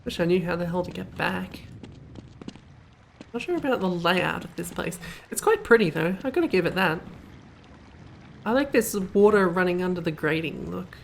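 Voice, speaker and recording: A woman's voice: on the low side, lively intonation, moderate pace, gravelly, pauses often. Young woman streaming a game, chatty and jokey, bit of noise in the background. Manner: rambling, self-amused, punny. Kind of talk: casual commentary while playing.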